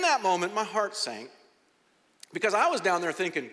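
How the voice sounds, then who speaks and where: Middle-aged male pastor, high bright voice, reverberant hall sermon. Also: brisk. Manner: animated, dramatic retelling. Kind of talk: sermon storytelling. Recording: long reverb of a large hall.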